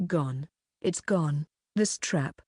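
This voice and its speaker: A woman's voice: low voice, very slow, mellow, no echo, clean studio sound, heavily acted. A woman voicing a distraught teenage schoolgirl who speaks in panicked, pleading bursts.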